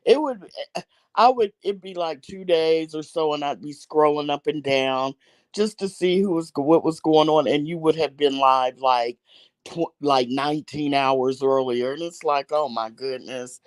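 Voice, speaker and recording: A woman's voice: sits low, unhurried, dry recording. Friendly woman guest on a live chat. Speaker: viewer guest. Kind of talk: casual chat.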